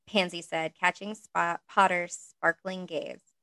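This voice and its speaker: A woman with a medium-pitched, fairly bright voice reads a story aloud at normal speed in a casual way. She breaks off now and then for chatty asides and laughs, and the audio is poor but free of echo.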